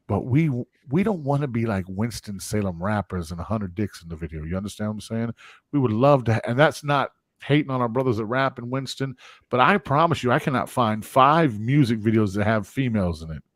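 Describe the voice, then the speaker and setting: An animated male podcast host rattles off sponsor plugs and greets viewers in a loose live-stream chat. His voice sits at an ordinary pitch and is recorded close and dry, with no room sound. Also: a little fast, no room sound.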